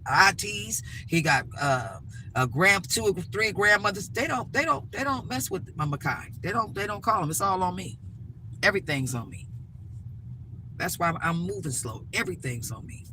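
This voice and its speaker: A middle-aged woman vlogs from inside a vehicle, ranting bluntly and emphatically to camera with lots of repetition. Her voice is low-pitched, bright and forceful, and the rough recording carries slight background noise.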